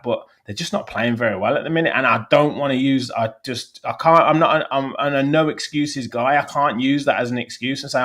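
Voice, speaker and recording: A man's voice: mid-range voice, fairly quick, hardly any pauses, a bit bright. A man, a guest fan on a football podcast, ranting bluntly about his team.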